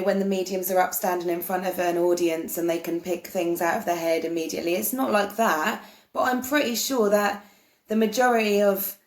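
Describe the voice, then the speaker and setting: A woman's voice: fairly low pitch, a little mellow. A woman earnestly explaining spiritual ideas to camera in a casual, meandering way, often restarting her sentences. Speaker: spiritual vlogger. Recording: roomy echo.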